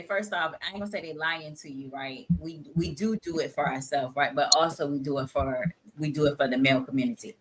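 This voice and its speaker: A woman co-hosting a casual podcast, giving her views frankly and emphatically. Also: low-pitched.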